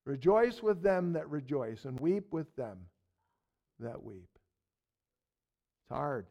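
A man teaching a verse-by-verse sermon in a folksy way, with loud stresses and soft asides, repeating words as he searches. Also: on the high side, sing-song, slow, creaky. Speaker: Bible teacher.

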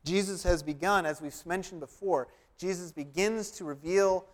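Guy preaching in church, slightly higher voice, chatty and rambling with lots of ums. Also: normal speed. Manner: conversational, storytelling with restarts and fillers. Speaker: pastor. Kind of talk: sermon.

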